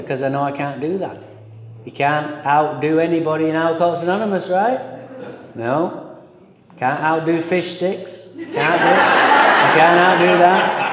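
A middle-aged man from England with an English accent, giving a humorous, profane, self-mocking talk to a meeting audience. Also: on the high side. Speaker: speaker at a recovery meeting. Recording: echoey hall with long reverb.

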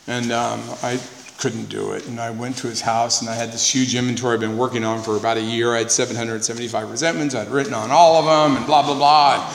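A man's voice: mid-range voice, fairly even intonation, fast, vocal fry. A man speaking at a recovery meeting, giving an earnest, conversational personal testimony, repeating words for emphasis, with wry humor. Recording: echoey hall with faint noise.

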